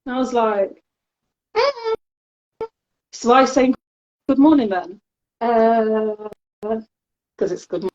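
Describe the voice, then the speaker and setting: Nottingham woman co-host, higher pitch, chatty and laughing, muffled low-fi recording. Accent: Nottingham English. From Nottingham, England. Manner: chatty storyteller, laughs often. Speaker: podcast co-host. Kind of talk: casual chat.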